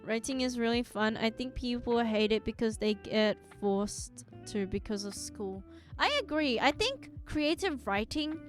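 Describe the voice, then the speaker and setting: A young woman streaming live, chatting casually to her viewers in a rambling way and giggling often. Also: on the high side.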